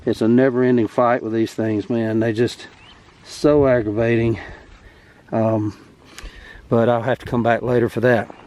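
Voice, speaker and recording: Easygoing farmer, mellow voice. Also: male voice, medium pitch, flat delivery, unhurried, pauses often. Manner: rambling, easygoing, many fillers. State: out of breath. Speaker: farm vlogger. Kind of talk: casual garden walkthrough. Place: outdoor vegetable garden.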